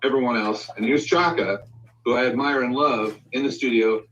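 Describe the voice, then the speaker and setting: Here a male guest on a live video stream tells a casual studio anecdote at normal speed in a mid-range voice, acting out the quoted lines with plenty of animation. The audio quality is poor, with the mic placed far away.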